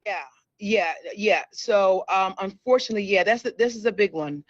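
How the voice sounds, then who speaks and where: A woman's voice: medium pitch, normal speed. A talkative woman hosts a casual entertainment news chat, often repeating words for emphasis. Her voice sounds slightly dull and muffled, with very little room echo. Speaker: show host.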